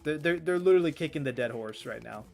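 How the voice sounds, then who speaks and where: A hoarse man in his twenties chatting casually while playing a game, rambling with stammered restarts and frequent swearing. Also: on the high side, animated, fast. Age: 20s. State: hoarse, strained voice. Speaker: gaming streamer.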